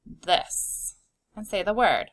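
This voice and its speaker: A woman teaching a phonics lesson to young children, sounding out words slowly and clearly and encouraging them. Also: a little high, sing-song, a bit bright, no room sound.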